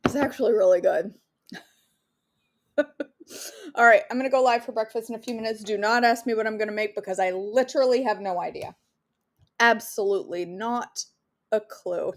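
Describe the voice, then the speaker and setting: A woman's voice: fairly high pitch, moderate pace, pauses often. A woman hosting a live devotional stream, chatting with viewers and leading a spoken prayer. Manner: chatty, answers viewers' comments by name, laughs easily.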